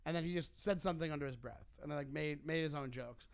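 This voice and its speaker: A man's voice: a little high, fast talker, creaky, no room sound. A man co-hosting a podcast, telling a story casually and animatedly, swearing freely. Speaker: podcast co-host, comedian.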